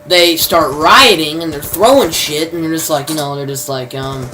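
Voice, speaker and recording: A man's voice: a little high, moderate pace, hardly any pauses, noisy background. A man reviewing a TV show in a loose spoken recap, rambling and leaning constantly on "you know" fillers. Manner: informal, mild swearing substitutes.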